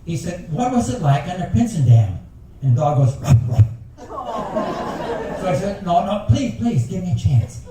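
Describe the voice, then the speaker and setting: Older man, rambling folksy joke teller, mellow dark voice, roomy far-off recording. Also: high-pitched, big pitch swings, brisk, some chatter behind, slight background noise. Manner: folksy storyteller with rambling asides. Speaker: talent show joke teller. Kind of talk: stand-up joke telling. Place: ship's lounge at a passenger talent show. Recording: echoey room taped from far off.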